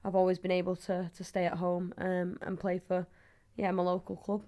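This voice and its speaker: A woman's voice: on the low side, completely flat delivery, moderate pace, dark tone. A woman in her twenties with a northern English accent, chatting casually as a footballer guest, laughing often. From England. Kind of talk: casual chat.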